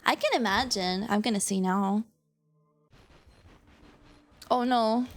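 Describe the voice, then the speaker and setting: A young-sounding woman streams a game from home, her voice high and her delivery unhurried. She giggles a lot, talks to her chat, and hiccups now and then. Soft game music plays faintly under her. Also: animated, gravelly. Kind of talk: casual gameplay commentary.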